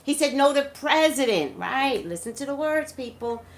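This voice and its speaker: A woman's voice: sits high, lively intonation, normal speed. A woman, a psychic reader, talking emphatically straight to her viewers in casual live-stream commentary.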